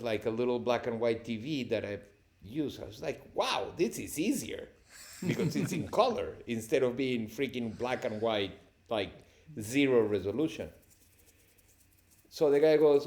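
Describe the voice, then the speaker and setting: A man, a cinematographer guest on a podcast, telling lively anecdotes with frequent laughter. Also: medium pitch. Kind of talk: storytelling interview answers.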